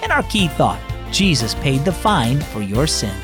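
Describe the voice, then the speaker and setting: A man's voice: fairly high pitch, very animated, measured pace, music in the background. A man hosting a children's devotional program, reading a script in a friendly, earnest storytelling way. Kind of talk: scripted narration.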